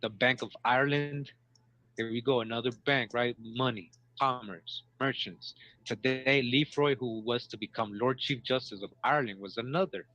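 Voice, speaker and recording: A man's voice: mid-range voice, moderate pace, pushed and bright. A man hosting a show, reading passages aloud and breaking in with commentary, often repeating words and checking in with listeners. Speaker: host. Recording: dull lo-fi recording.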